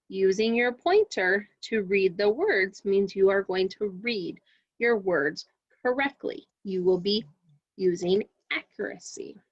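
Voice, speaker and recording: Female kindergarten teacher, slow animated delivery, dull close recording. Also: medium pitch, no echo. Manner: slow, expressive, sing-song teacher talk. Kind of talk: recorded reading lesson for children.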